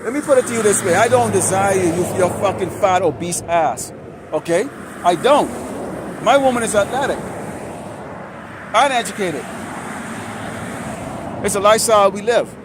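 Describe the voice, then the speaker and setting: Outdoors beside a road with steady traffic noise clearly audible, a street preacher with a high-pitched voice rants a heated, profane sermon straight into the camera. He speaks at a moderate pace, with long pauses between bursts, rather than calmly.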